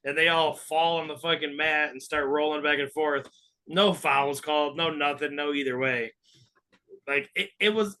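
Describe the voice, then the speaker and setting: Brief: male podcast co-host, blunt and profane, bright, forceful tone. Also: a little high. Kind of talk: casual podcast chat.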